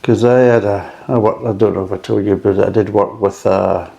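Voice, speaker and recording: A man's voice: lowish voice, steady tone, moderate pace, creaky, warm tone, muffled recording. A middle-aged man chatting casually and frankly as he reviews a beer, rambling between thoughts.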